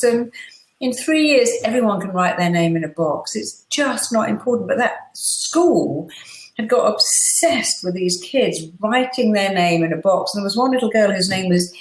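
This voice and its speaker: Middle-aged woman guest, lively anecdotes, roomy sound. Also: medium pitch, normal speed. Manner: animated storyteller, acts out quotes. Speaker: guest therapist. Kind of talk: casual interview chat.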